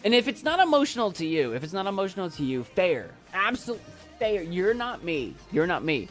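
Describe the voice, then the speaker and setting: A YouTube creator and poet chats casually and live with his viewers in a calm, soft voice whose pitch rises and falls in a lively way. He halts and restarts often, choked up and emotional, while faint music plays underneath.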